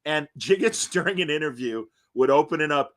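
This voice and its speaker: Speaking briskly in a fairly high voice, a male podcast host swaps stories in a relaxed, reminiscing conversation. He's a lively storyteller who laughs a lot and performs the quotes he recounts.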